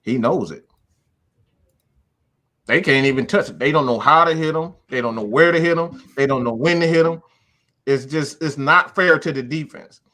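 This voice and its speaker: A man co-hosting a casual sports talk show, deliberate and building to emphatic repetition. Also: a little high, pushed and bright. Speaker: podcast co-host.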